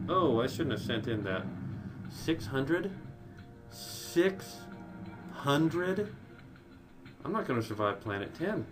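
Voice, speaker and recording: A man giving casual gameplay commentary, talking straight to his viewers and jumping high in pitch when things go wrong. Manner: excitable, voice jumps high when panicking; talks directly to viewers. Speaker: let's play commentator.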